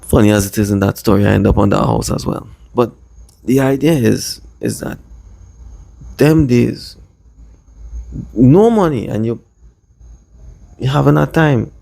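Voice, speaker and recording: A man from Trinidad with a Trinidadian accent, casually telling a rambling personal story in lively dialect. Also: medium pitch, unhurried, creaky, pauses often, dry recording. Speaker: vlogger.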